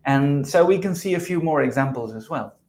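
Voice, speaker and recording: A man's voice: on the high side, animated, a little fast, darkish tone, slight background noise. A man with a South American Spanish accent, a native Spanish speaker, patiently explaining grammar as a co-host of a podcast lesson. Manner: patient explaining, chuckles at slips. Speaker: English teacher, podcast co-host.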